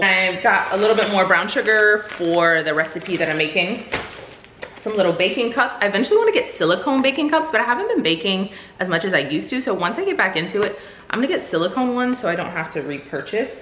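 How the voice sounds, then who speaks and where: A woman's voice: mid-range voice, fairly bright tone. A woman chatting casually through a grocery haul in an upbeat, chatty way with lots of fillers. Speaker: vlogger. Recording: echoey room, faint noise.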